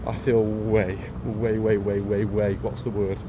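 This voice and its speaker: A man's voice: lowish voice, little pitch movement, unhurried, noisy background. A man from Leeds with a Yorkshire accent, gushing in a casual travel vlog to a handheld camera and repeating his phrases. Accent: Yorkshire English. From Leeds, England. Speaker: travel vlogger.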